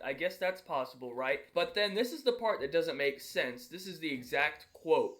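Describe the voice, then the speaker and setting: A man talks on his stream, mocking a news story with sarcasm and frequent swearing. His voice sits a bit high for a man. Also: a bit bright. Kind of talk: casual commentary on a news story.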